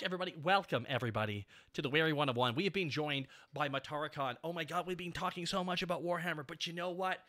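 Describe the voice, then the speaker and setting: An excitable man in his thirties hosts a casual stream chat, with a high, very bright and forceful voice. He gushes, thanks people and breaks into sudden yelps. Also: fast talker, few pauses. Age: 30s. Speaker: streamer host.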